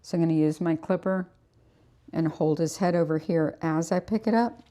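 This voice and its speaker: Speaking at a normal speed in a mellow voice on the low side, a woman demonstrates grooming in a salon. She explains her technique step by step and coaxes and praises the dog as she works.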